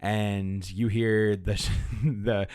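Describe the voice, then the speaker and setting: Male game master, hesitant narrator, low, dry. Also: flat delivery, drawn-out words, a little mellow, no echo. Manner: hesitant, many fillers and restarts.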